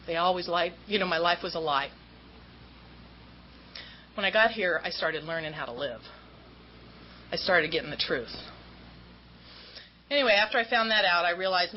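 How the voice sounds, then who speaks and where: A woman's voice: medium pitch, expressive, fairly quick, long pauses. A woman speaks at an AA meeting, telling her story with candid, self-mocking humor and putting on voices for the people in it. Her voice sits mid-range, and the recording is dull and lo-fi. A faint hiss runs underneath. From Southern California. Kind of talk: recovery talk storytelling.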